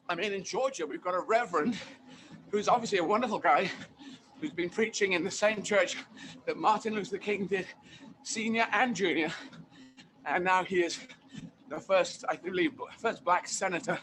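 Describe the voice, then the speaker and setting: A man being interviewed as a guest comedian, talking in an animated, emphatic way and repeating phrases for effect. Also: high voice, slight background noise. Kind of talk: casual interview chat.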